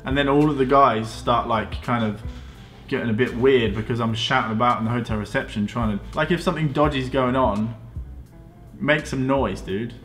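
Young man, vlogger, animated storytelling, acts out both sides, pitch leaps on outbursts, faint music underneath. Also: moderate pace. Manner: acts out both sides of the exchange, jumps up in pitch when retelling his own outbursts.

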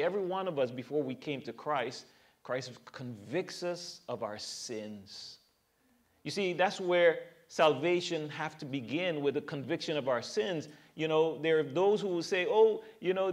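A male pastor giving a verse-by-verse sermon in an earnest, emphatic way, full of rhetorical questions to his congregation. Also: fairly high pitch.

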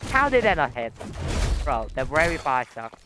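The gamer here is a young man with a mid-range voice, very animated and moderately paced, heard over a noisy background. Casual and rambling, he fills his play-by-play with fillers, taunts, and abrupt yelps whenever he's hit.

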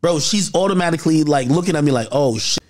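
A man telling a personal story in casual chat, animated and full of slang, acting out what others said. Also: on the high side, quick pace. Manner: animated, acts out quotes with slang.

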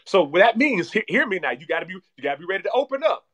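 A man speaking as a guest relationship coach in animated podcast talk, energetic and repeating himself like a preacher. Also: high voice, fast talker.

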